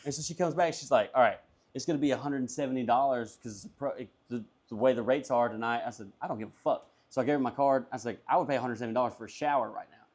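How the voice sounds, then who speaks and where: A man's voice: medium pitch, rapid-fire. A man, a comedian guest, telling a long story casually, swearing freely and acting out everyone's lines. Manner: profane, animated, acts out dialogue.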